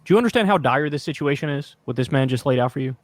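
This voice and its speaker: A man's voice: mid-range voice, animated, very fast, dry recording. A man hosting a reaction video, giving exasperated, profane and emphatic political commentary.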